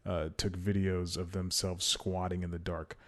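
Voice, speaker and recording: The podcast host, a young man at home in a storm-hit city, talks in a low-pitched, flat, unhurried way. He rambles casually through his solo show, often laughing at himself.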